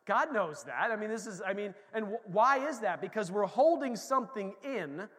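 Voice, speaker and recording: A man preaching a sermon in a lively, conversational way, moving between quiet asides and emphatic points. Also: high-pitched, normal speed. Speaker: pastor. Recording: long hall reverb.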